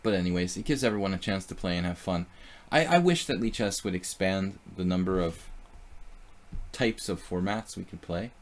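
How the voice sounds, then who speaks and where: A man's voice: sits low, normal speed. A man streaming live chess, thinking aloud about his moves and chatting casually with viewers.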